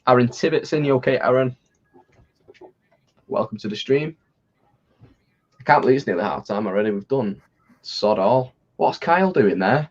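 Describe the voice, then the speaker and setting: A man's voice: mid-range voice, animated, moderate pace, long pauses. A man co-hosting a casual livestream while watching football, chatty and laughing often, with rambling restarts. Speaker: livestream co-host. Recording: dull lo-fi stream audio.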